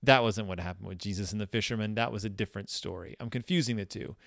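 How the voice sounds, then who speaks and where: A man's voice: lowish voice, fast talker, gravelly, fairly bright tone, no echo, clean studio sound. A man giving a comedic commentary on a children's book, sarcastic and exasperated, often scolding the characters directly. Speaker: book reviewer.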